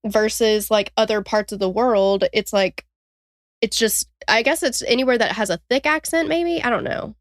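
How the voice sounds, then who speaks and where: A woman's voice: a little high, no room sound, clean studio sound. A woman co-hosting a true-crime podcast, reacting and teasing her partner in casual chat. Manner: reactive, teasing, quick to laugh. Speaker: podcast co-host.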